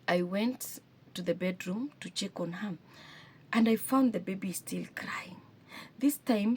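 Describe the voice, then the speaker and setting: Woman, Kenyan accent, single-mom vlogger, earnest, emotional, restarts sentences, mid pitch, faint background hiss. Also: darkish tone. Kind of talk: personal storytelling to camera.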